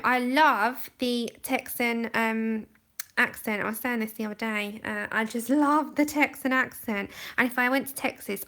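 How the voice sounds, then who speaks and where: She's a young livestream host who colours while chatting and giggling, the camera set just before her face. Her voice is fairly high and a bit bright.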